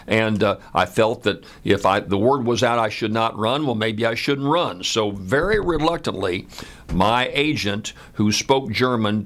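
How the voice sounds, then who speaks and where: A man in his seventies from the United States, telling a personal story in an unhurried, conversational way with frequent "uh" fillers. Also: lowish voice, a bit bright. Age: 70s.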